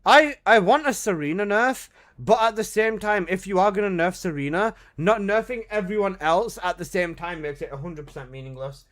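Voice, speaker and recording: A high-voiced man livestreaming a game. He talks in loose, excitable slang, casual and quick to react to his squad. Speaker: game streamer. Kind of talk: casual live-stream chat.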